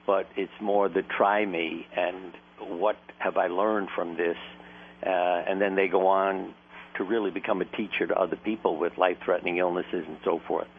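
A man's voice: deep voice, fairly even intonation, normal speed. A man, a doctor, telling stories in an earnest, anecdotal way and laughing now and then. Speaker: doctor, interview guest. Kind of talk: conversational storytelling. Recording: tinny phone-line sound with faint noise.

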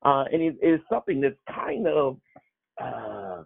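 Man, gravelly, husky, halting Bible teaching, tinny phone-like sound. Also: medium pitch, big pitch swings. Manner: halting, many fillers and restarts. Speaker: small-group teacher.

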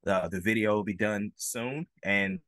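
A man, a singer, talking as a podcast guest in a relaxed, easygoing way with lots of fillers. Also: on the low side, unhurried, dry recording, studio quality. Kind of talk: casual interview.

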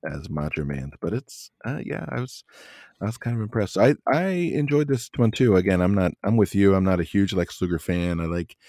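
Deep-voiced man in casual chat. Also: lively intonation, moderate pace, dark tone, dry recording, studio quality. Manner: rambling, many fillers and restarts, laughs often. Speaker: podcast co-host. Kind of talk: casual wrestling review chat.

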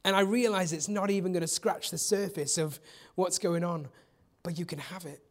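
A preacher voicing a humble young boy in a sermon story, talking softly and hesitantly. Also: high-pitched, fairly even intonation, moderate pace, natural voice. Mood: shy offering. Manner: soft, hesitant, modest. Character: humble young boy offering his food.

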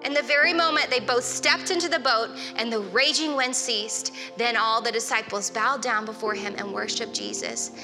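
A woman's voice: a little high, moderate pace, hardly any pauses, over music. A woman preaching a sermon in an earnest, conversational way, with casual fillers. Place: church hall. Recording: long reverb of a church hall.

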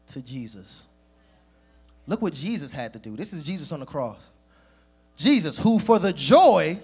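Husky, high-voiced male preacher. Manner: lively, addresses the congregation directly. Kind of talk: sermon.

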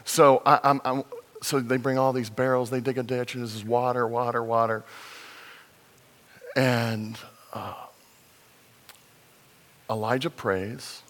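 A man preaching a sermon in a conversational way, slowing to stress points, with fillers and restarts. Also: medium pitch, steady tone, a bit bright. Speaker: pastor. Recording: long reverb in a large hall.

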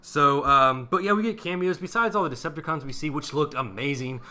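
Bright-voiced excitable young man. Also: fairly high pitch, fairly quick. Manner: excited, laughing, swears freely. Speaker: podcast co-host. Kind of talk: casual movie review chat.

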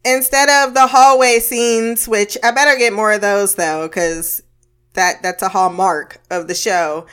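A woman's voice: mid-range voice, fairly even intonation, measured pace, a bit bright, clean tone, faint music behind. A woman giving a casual, blunt recap of a TV episode, swearing freely and laughing often between remarks. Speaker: TV episode reviewer.

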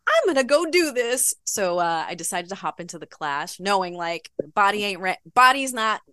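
A woman guest on a podcast, telling an animated story with frequent laughter in a casual chat. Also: mid-range voice, moderate pace, no room sound, studio quality. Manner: giggly, animated, laughs often. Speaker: podcast guest, bodybuilding pro.

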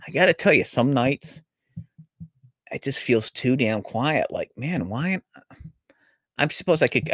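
A man's voice: lowish voice, no echo, clean studio sound. A man in his forties hosting a live show, rambling casually with many fillers and restarts. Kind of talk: casual live-stream monologue.

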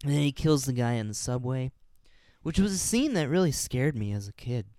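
A relaxed man chats about a film with a friend, his voice moving a lot in pitch. He sounds smooth and clear, recorded close in a dry space. He laughs often and drifts into fillers. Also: a little fast, no echo. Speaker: podcast co-host. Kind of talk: casual movie chat.

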